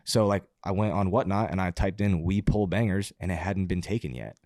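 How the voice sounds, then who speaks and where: A man telling a story as a podcast guest, in a casual, animated way, swearing and laughing as he talks. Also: low-pitched, a little fast, no room sound, clean studio sound. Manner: animated, profane, laughs mid-sentence.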